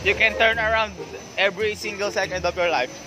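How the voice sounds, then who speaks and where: A man with a Filipino accent vlogging in broken English, joking and excitable, mixing in Tagalog slips. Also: sits high, fairly quick, background noise. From Philippines. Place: outdoor amusement fair. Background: loud music.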